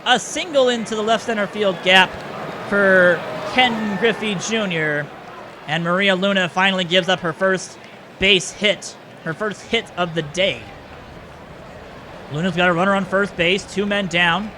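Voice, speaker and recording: Man, high voice, play-by-play baseball game commentary, excitable, noisy background. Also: measured pace. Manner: excitable, rising on big plays, self-correcting.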